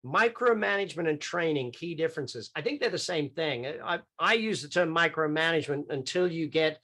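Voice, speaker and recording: A middle-aged Australian business coach talks off the cuff in a chatty live online session, taking questions over a video call. His fairly high voice comes across expressive, brisk, bright, and forceful.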